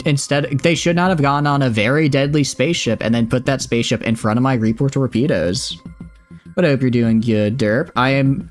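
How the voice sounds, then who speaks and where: A man with a Southern accent, chatting and joking while streaming a space game and reading its text aloud. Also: mid-range voice. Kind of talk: livestream gameplay commentary.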